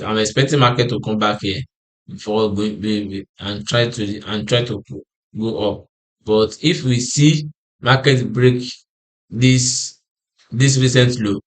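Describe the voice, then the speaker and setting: A man explaining trading charts in a lesson, tired and yawning, who repeats and restarts his phrases and asks himself "what?" before answering. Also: fairly low pitch. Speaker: forex trading analyst. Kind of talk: screen-share chart walkthrough.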